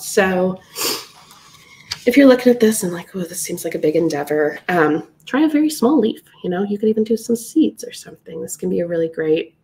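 A woman's voice: fairly low pitch, darkish tone, a little hiss or hum. A woman teaching a live watercolor class, chatty and upbeat, with lots of fillers. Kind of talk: live painting tutorial.

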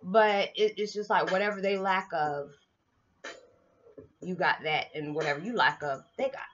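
A woman talking casually to her viewers about spiritual matters, animated and often laughing. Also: on the low side, normal speed. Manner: animated, laughing, lively swings in loudness. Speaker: vlogger. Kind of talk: casual spiritual vlog talk. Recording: dull lo-fi sound with faint music.

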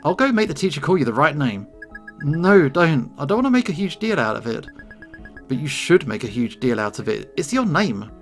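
A man voicing a calm, well-behaved teenage boy who speaks in a quiet, even-tempered way. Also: a little high, normal speed, soft background music.

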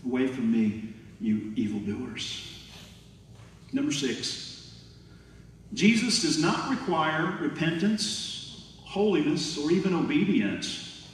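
A man preaching to his church, his slightly high voice carrying through a big echoing hall and picked up from some distance. He is emphatic, reading scripture and acting out quoted voices. Faint room noise sits behind him. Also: sing-song, takes it slowly, long pauses. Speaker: pastor. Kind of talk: sermon. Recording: echoey hall from afar.

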